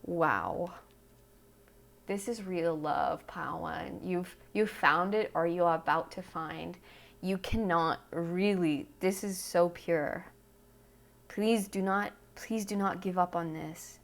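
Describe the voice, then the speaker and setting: A woman's voice: lowish voice, takes it slowly, vocal fry. A woman giving a pick-a-card tarot reading, earnest and emotional, who repeats phrases and often checks in with "okay?". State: tearful. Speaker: tarot reader.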